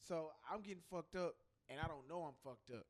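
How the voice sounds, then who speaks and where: A young man co-hosting a podcast, telling stories in a profane, animated way with acted-out quotes. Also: fairly high pitch, brisk. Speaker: podcast co-host. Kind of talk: casual storytelling chat.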